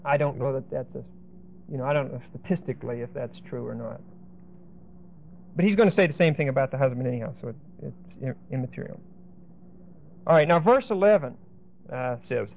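A man's voice: medium pitch, expressive, fairly quick, creaky, pauses often, slight background noise. Man teaching a Bible class, lo-fi. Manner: explanatory, checks in with the class often. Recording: dull lo-fi recording.

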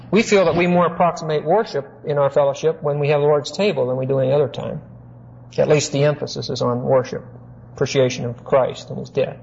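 A man preaching an expository sermon as pastor. He teaches in a measured way, asks rhetorical questions and stretches key words slowly. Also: fairly high pitch, a little mellow, slightly rough. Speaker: pastor teaching a Bible study. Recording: muffled lo-fi recording with faint hiss.

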